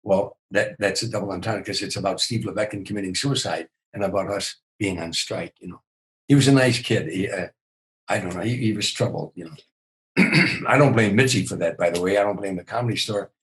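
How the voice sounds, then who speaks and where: Low-voiced and brisk, an older man who works as a comedian spins animated stories in a podcast interview. He tends to repeat words at the start of sentences. The recording is rough.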